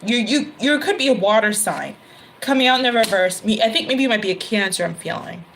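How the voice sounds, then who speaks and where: A woman's voice: on the high side, lively intonation, brisk, a bit bright, slight background noise, rough recording. A woman giving a casual tarot reading, chatty, laughing often and correcting herself mid-sentence. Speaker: tarot reader. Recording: card shuffling and clicks behind voice.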